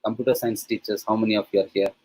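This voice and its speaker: Male professor from India, lowish voice, chatty webinar lecturer who leans on fillers and "okay?". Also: level tone, rapid-fire, a little mellow, low-quality recording. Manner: conversational, many fillers, frequent checks with "okay?". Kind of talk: online teacher-training lecture.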